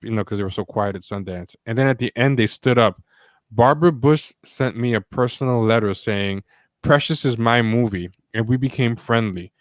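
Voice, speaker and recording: A man's voice: mid-range voice, normal speed, no room sound. Dry-voiced man reading quotes in chat. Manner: animated, reads quotes aloud, many fillers. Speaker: podcast co-host. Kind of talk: casual livestream discussion.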